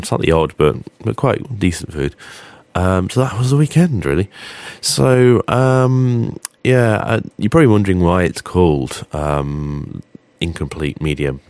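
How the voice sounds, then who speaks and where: A man's voice: very deep voice, a little mellow, dry recording. A man hosting a casual solo podcast, rambling and hesitant with frequent ums, then turning blunt and sweary. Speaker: podcast host.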